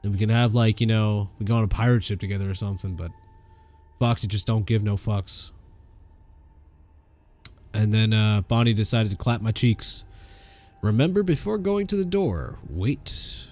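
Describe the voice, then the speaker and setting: A man streaming a horror game, excitable, swearing and laughing at the scares. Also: fairly low pitch, normal speed, long pauses. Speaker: gaming streamer. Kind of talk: livestream horror game commentary.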